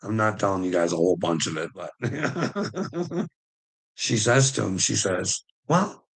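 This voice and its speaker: Gravelly slow-talking middle-aged man. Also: fairly low pitch, rough recording. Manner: profane, rambling, laughs often. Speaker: livestreamer. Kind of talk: casual live rant.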